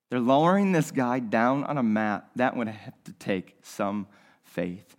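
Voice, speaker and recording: A man's voice: medium pitch, expressive, unhurried. A male pastor preaching a sermon, repeating his phrases and asking the listeners rhetorical questions.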